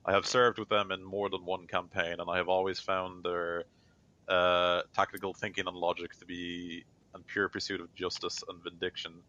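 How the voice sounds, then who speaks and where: A man voicing a neutral, impassive male Inquisitor judge who speaks in measured, formal sentences, on a dull lo-fi recording. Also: low voice, little pitch movement, sharp tone.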